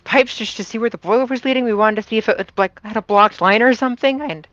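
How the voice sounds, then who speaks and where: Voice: mid-range voice, quick pace, a bit bright, dry recording, highs cut off, lightly acted. A player voicing a nervous young woman on her first day at work, hesitant and apologetic, stumbling over her words.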